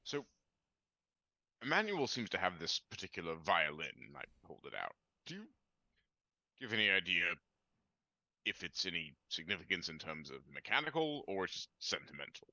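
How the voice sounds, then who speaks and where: A man's voice: sits low, very animated, moderate pace, pauses often, bright, forceful tone, no echo, highs cut off. A man playing a tabletop game, polite and inquisitive. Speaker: player. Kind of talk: casual tabletop play.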